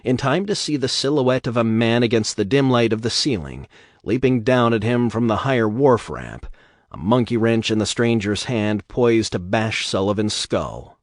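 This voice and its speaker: A man reading a novel aloud in a steady, measured audiobook narration. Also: medium pitch, no echo, clean studio sound.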